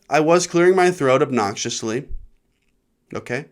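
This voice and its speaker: A comedian from Nebraska holds forth in a rambling, profane monologue. His voice sits a bit high and swings widely up and down as he tells the story. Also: expressive, moderate pace. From Nebraska, USA. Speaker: comedian podcast host.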